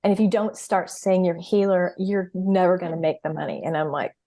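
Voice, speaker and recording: A woman's voice: fairly low pitch, steady tone, fairly quick, dark tone. A middle-aged woman speaking as a podcast guest in casual conversation, telling stories with energy and acting out her own reactions. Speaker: podcast guest, healer and coach. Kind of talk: casual interview chat.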